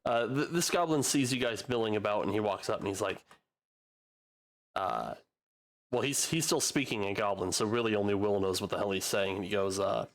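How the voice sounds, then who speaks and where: A man running a tabletop game as game master, narrating in a casual, halting way with many restarts. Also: lowish voice, animated. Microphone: home streaming mic.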